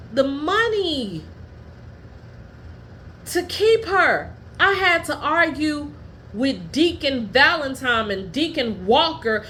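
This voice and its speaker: Candid and heated, the bright-voiced woman podcaster shares personal stories bluntly. Her voice turns low and quiet whenever she gets to family matters, with slight background noise in the recording.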